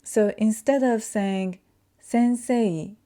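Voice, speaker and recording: A woman whose first language is Japanese gives a pronunciation lesson, speaking slowly and carefully as she demonstrates sounds. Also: mid-range voice, dark tone. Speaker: language teacher.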